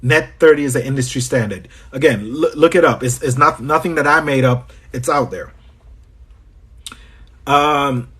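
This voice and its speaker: A man's voice: mid-range voice, moderate pace, fairly bright tone, breathy edge. A man from Trinidad with a Trinidadian accent, coaching on a livestream Q&A. He is chatty, greets viewers by name and repeats his phrases. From Trinidad and Tobago. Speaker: business coach.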